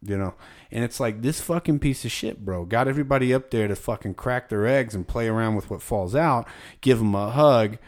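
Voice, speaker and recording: A man's voice: mid-range voice, fairly quick. A man hosting a casual podcast chat, telling stories in a profane, heated way.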